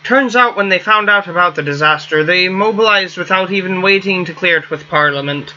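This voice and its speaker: A formal male starship crewmate from a space game, read out by a man in his own bright, fairly high voice. The lines come plainly, and the recording is a little muffled with a faint hiss. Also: fairly quick. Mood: explaining. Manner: plain read-aloud delivery.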